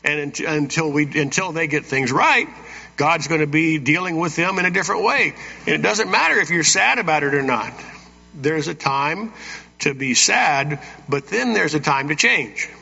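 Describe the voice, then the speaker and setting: Reading verses in church, a pastor keeps asking his congregation "Amen?" between points, in a homespun preaching style. He speaks at a normal speed in a fairly high, animated voice that is bright, forceful, and husky, with vocal fry. The audio carries the dull reverberation of a church hall.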